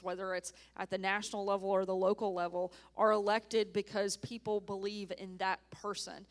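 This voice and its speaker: A woman in her thirties, a former press secretary, answering questions earnestly and emphatically in an onstage interview at a conference. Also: mid-range voice. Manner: earnest, emphatic, even-toned. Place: conference stage.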